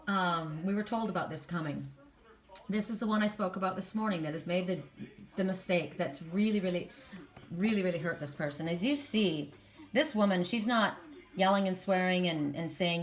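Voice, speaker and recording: A woman's voice: on the low side, normal speed. A woman reading tarot cards for her viewers, talking to them directly in an impassioned way and often repeating herself for emphasis. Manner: impassioned, talks straight to viewers, repeats words. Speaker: tarot card reader. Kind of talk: spiritual card reading monologue.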